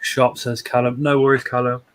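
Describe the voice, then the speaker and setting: A man's voice: medium pitch, flat delivery, moderate pace, a crowd in the background. A man hosting a casual live stream from home, rambling, repeating words and chuckling as he reads out viewer comments.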